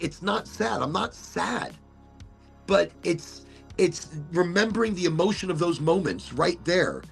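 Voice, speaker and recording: Emotional, gravelly-voiced middle-aged man. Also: a little high. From Florida. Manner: rambling, profane, emotional, frequent restarts. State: tearing up. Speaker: podcast host. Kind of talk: casual chat.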